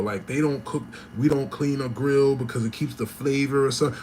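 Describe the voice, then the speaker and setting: A man's voice: mid-range voice, steady tone, fairly quick, hardly any pauses, a little mellow, a little hiss or hum. A man telling a personal story to camera, talking casually and animatedly, with a lot of slang and swearing. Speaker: vlogger. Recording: roomy room with faint ambience.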